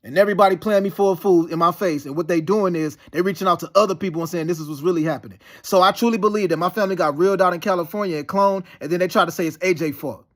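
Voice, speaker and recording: Fast, high-voiced man ranting heatedly. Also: fairly bright tone. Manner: rambling, profane, heated and insistent. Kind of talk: casual monologue.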